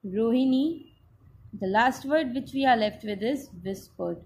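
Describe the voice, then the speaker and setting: A woman teacher with an Indian English accent, giving a slow, patient class lesson that spells out each step. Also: on the high side, animated, a little mellow.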